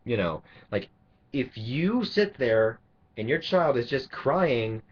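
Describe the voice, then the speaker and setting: Guy ranting and swearing about people, sarcastic, husky voice, lively pitch, dull lo-fi audio. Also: slow pace. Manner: angry, profane, sarcastic, rambling. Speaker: vlogger. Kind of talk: ranting monologue. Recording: dull lo-fi recording.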